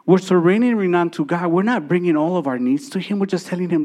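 A man in his thirties preaching a sermon, his voice sitting a little high for a man. He drives points home with repeated phrases, rising loud and then dropping to near quiet. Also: brisk, hardly any pauses. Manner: emphatic preaching with repetitions and swings from loud to soft. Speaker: pastor.

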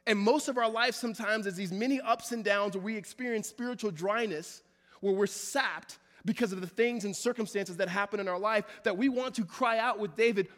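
High-voiced preacher in a reverberant hall. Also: male voice, fairly quick, fairly bright tone. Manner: preaches with rising intensity, repeating phrases. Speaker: pastor. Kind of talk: sermon. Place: church sanctuary.

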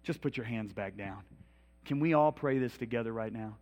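Middle-aged man, preacher in a church, lively anecdotes, builds to loud appeals. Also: medium pitch, moderate pace, dull audio. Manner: storytelling, animated, rising to loud pleas. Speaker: minister. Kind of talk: sermon. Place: church hall.

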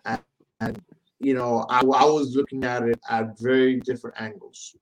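A male host interviews his guests in a loose, chatty way, repeating words as he builds his point. His voice sits at an ordinary pitch. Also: little pitch movement, normal speed, rough recording. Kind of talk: casual interview.

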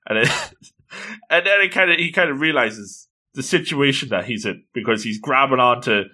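Lively man excitedly recapping a comic. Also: mid-range voice, normal speed. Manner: enthusiastic, exclaims often. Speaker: manga reviewer. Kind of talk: casual retelling of a comic.

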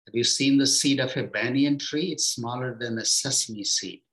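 A man giving a reflective spiritual talk as a teacher, unhurried, his voice sinking low and quiet at the ends of phrases.

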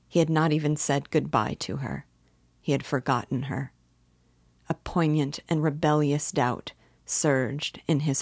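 A woman teacher reading a novel aloud in a measured, even narration. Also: low voice, vocal fry, no echo. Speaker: literature teacher.

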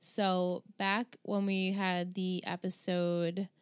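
A woman's voice: on the low side, little pitch movement, slow, smooth, no room sound, clean studio sound. A woman co-hosting a podcast, chatting casually and giggling as she rambles through recaps and trivia, with a New York accent. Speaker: podcast co-host. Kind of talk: casual chat.

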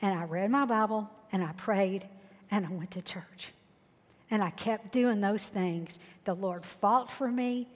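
A woman's voice: mid-range voice, unhurried. A woman, sharing a heartfelt faith testimony as a guest. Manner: earnest, heartfelt storytelling. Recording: long hall reverb.

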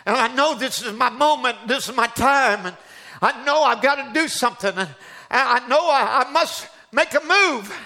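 High-voiced, bright male preacher. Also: normal speed. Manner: earnest, fervent testimony. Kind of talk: sermon storytelling.

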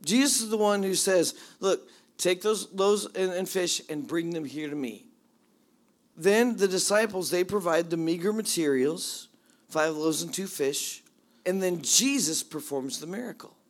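A man preaching a sermon, animated as he retells the story, swinging from hushed asides to excited bursts. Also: high-pitched, measured pace. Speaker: pastor.

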